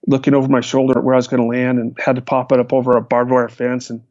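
A man, a hang glider pilot, recounting his flights in a lively storytelling manner. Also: mid-range voice, quick pace, no echo. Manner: animated, vivid retelling with restarts. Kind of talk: storytelling in a conversation. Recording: dull, lo-fi, dry sound.

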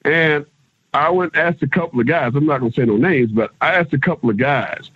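Husky-voiced man telling stories over a tinny phone line. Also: fairly high pitch, a little fast, dry recording. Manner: animated storyteller, acts out others' lines, casual swearing. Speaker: guest, former pro wrestler. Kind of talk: casual storytelling interview.

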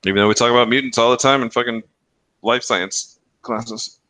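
A man's voice: mid-range voice, fairly even intonation, fairly quick, bright, forceful tone, no room sound. A man co-hosting a podcast, chatting casually, rambling and swearing, laughing at his own jokes. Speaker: podcast co-host. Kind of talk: casual banter.

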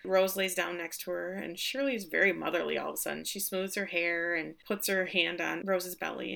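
Woman podcast cohost, gravelly bright voice, chatty recap, acts out the lines. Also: fairly low pitch, steady tone, fairly quick, few pauses. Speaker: podcast co-host. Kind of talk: casual chat recapping a film.

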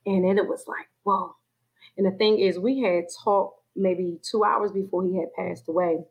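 Woman telling her faith story in an interview, very expressive, acts out what she thought and said, mid-pitched voice. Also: moderate pace, breathy edge, dull audio. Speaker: guest sharing her story. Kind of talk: personal faith testimony in conversation.

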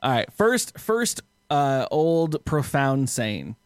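Laughing podcast host with lively pitch. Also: male voice, takes it slowly, smooth, dry recording, clean studio sound. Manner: laughs often, restarts phrases. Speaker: podcast host running a quiz game. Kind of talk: casual podcast chat.

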